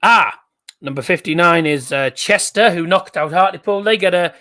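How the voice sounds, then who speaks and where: A man's voice: high voice, moderate pace, bright, forceful tone. A man hosting a live stream, calling out cup draw fixtures and chatting with viewers in the live chat. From England.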